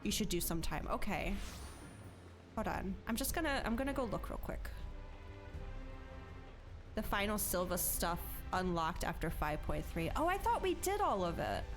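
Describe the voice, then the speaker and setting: A woman's voice: medium pitch, very animated, normal speed, pauses often, over music. A woman game streamer in casual live-stream chat, emotional and chatty, laughing and close to tears.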